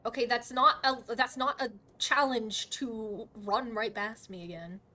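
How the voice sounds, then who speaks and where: A woman streaming a game live, chatty and excitable, swearing often and talking to her chat. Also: a little high, a little slow. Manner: excitable reactions, sudden outbursts. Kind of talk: live gaming commentary.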